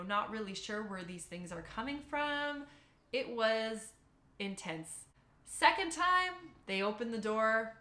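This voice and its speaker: A young woman recounts a personal experience to her viewers, bright and forceful in tone. She tells it animatedly and emotionally, acting out her own inner thoughts. The recording has a noticeable roomy echo. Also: medium pitch. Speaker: vlogger. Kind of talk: personal storytelling.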